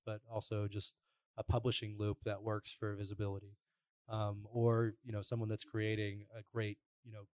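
A man's voice: on the low side, no room sound. A man moderating a conference panel, talking things through with frequent fillers. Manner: relaxed, thinking aloud with fillers.

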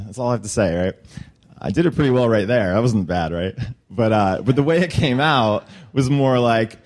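A young man telling a personal story to a room, lively, with high squeaky voices for quotes. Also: normal speed, breathy edge. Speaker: storyteller at a workshop.

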